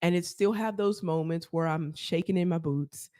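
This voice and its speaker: A woman, a therapist, telling her story as a podcast guest, animated and laughing often as she acts out quotes. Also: lowish voice, normal speed, no room sound, studio quality. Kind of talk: casual storytelling interview.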